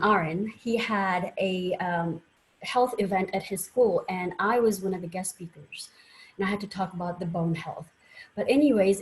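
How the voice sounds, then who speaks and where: A woman's voice: medium pitch, poor audio. A woman doctor giving a conference presentation, telling personal stories in an earnest way with frequent fillers. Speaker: doctor and guest speaker.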